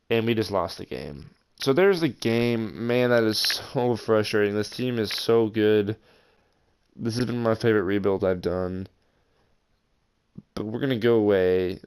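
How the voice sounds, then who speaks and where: A young man hosting his gaming channel, commenting over football video game footage in an excitable way with frustrated outbursts. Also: fairly low pitch, clear, resonant tone. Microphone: voice-over over gameplay.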